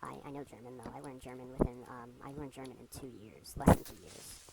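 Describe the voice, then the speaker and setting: A woman's voice: rumbling low, steady tone, a little fast, gravelly, heavy background noise. A sleep-deprived young woman rambling to herself as she gives casual gameplay commentary. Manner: rambling, talks to herself, restless. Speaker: gamer.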